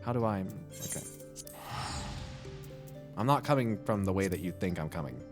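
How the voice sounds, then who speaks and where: A man's voice: low-pitched, expressive, normal speed, over music. A man doing casual, jokey gameplay commentary, reading game dialogue aloud, laughing and swearing now and then. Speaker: game streamer.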